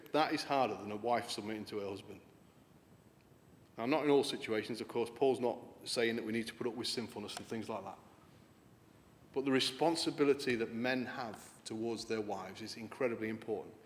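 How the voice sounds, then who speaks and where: A man preaching a sermon in an earnest, conversational way, lifting his voice for emphasis. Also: medium pitch. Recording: long hall reverb.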